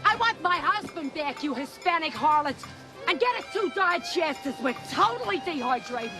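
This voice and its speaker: A scorned older wife in a TV sketch, shrill and scolding at a very high pitch. Her voice leaps up and down as she nags and accuses. Music plays underneath. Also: sing-song, normal speed. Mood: indignant. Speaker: comedy sketch character. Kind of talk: TV sketch comedy acting.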